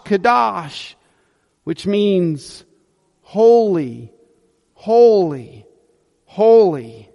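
A male pastor preaching a sermon, explaining slowly and repeating words for emphasis. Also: high voice, a little mellow, big-room sound. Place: church sanctuary.

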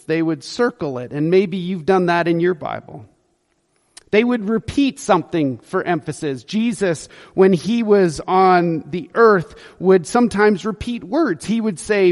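Slow, high-voiced male pastor preaching. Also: a little mellow, long reverb tail. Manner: explanatory, repeats words for emphasis. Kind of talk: sermon. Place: church sanctuary.

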